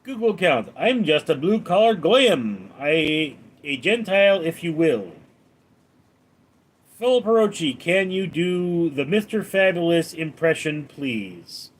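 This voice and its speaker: A man's voice: fairly high pitch, sing-song, slow. A man hosting a casual live stream, reading viewers' names and questions aloud and answering them in a dry, offhand way.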